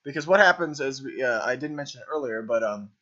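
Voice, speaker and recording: A quick, animated man with a mid-range, slightly bright voice rambles through notes for his improv troupe while their scene plays on video. He leans on fillers and keeps tossing in "right?" The recording is dull and lo-fi.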